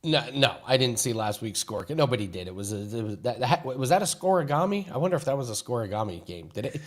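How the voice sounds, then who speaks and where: A man co-hosting a live betting show, relaxed and agreeable. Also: medium pitch, quick pace. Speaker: co-host.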